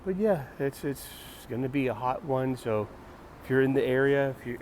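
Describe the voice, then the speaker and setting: A man's voice: mid-range voice, normal speed, a little mellow, slight background noise. A man hosting a casual morning monologue, rambling and wry, sighing and restarting his sentences. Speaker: host of a morning video show.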